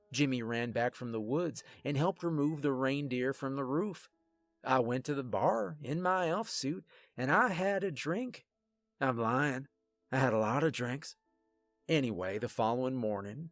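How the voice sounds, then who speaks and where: A man telling a first-person story in a deadpan way, with wry asides to the listener. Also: medium pitch, no room sound.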